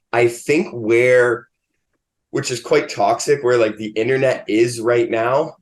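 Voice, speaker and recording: Low-voiced man, rambling comedian guest. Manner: rambling, filled with "like". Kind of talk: casual interview chat.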